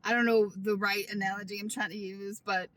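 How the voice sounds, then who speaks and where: A woman in her thirties talking openly and casually to the camera from inside her van, loud at times and quick to laugh. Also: mid-range voice, flat delivery. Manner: chatty and open, with frequent laughs and quick asides; talks loudly at times. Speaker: van life vlogger. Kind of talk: casual vlog talk.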